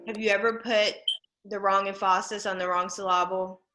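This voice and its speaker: A woman teaching a junior high class over a video call, upbeat and encouraging, playfully coaxing her students. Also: level tone, moderate pace, pushed and bright, a little hiss or hum.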